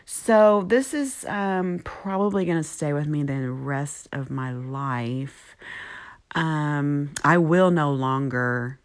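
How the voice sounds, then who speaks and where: A woman's voice: low voice, takes it slowly. A middle-aged woman casually telling a funny story to camera, rambling with many ums and quoting herself and her friend.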